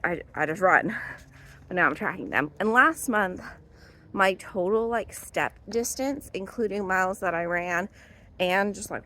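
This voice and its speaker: A woman's voice: medium pitch, fairly bright tone. A young adult woman, a drama teacher, chatting casually in her vlog, rambling with lots of fillers and little laughs.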